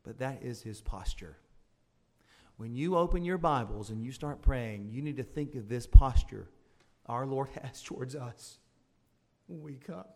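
A man preaching a sermon as pastor, swelling into emphatic appeals and dropping into soft, intimate asides. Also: mid-range voice, lively intonation, a little slow.

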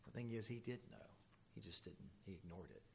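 A man preaching a sermon as pastor, earnest and pleading, moving between loud emphasis and hushed intensity. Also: sits low, lively intonation, fairly quick, gravelly, a little hiss or hum.

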